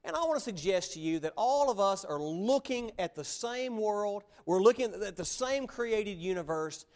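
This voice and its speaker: Male preacher, higher voice, sermon delivery, plain and earnest, emphatic slow stresses.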